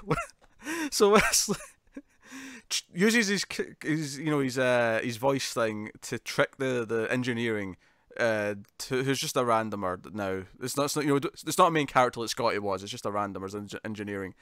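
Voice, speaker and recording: A man co-hosting a casual TV review chat, laughing often and slipping into animated impressions of characters. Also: mid-range voice, moderate pace, dry recording, clean studio sound. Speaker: podcast co-host.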